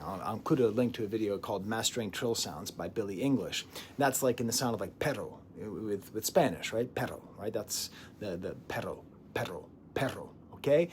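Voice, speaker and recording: A man giving a casual album review as a music reviewer, animated and digressive, laughing often and dropping into whispers. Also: lowish voice, moderate pace, a little hiss or hum.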